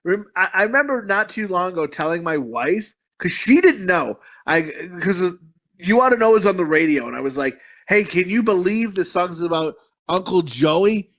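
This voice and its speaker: Male co-host, profane rambling storyteller, slightly higher voice, loose comedic chat. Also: lively intonation, normal speed, fairly bright tone. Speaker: podcast co-host. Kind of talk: crude casual chat.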